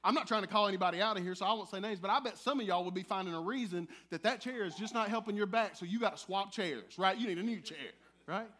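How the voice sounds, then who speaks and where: A pastor delivers a fast sermon in a church sanctuary, his voice notably high. He moves between quiet, earnest passages and lively, teasing banter with the congregation, keeping his delivery conversational and animated, as if talking with the people in the pews.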